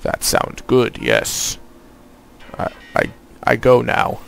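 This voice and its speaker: A man putting on a halting, broken-English voice to mock a game's male scientist. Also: medium pitch, sing-song, creaky, slight background noise, exaggerated voice.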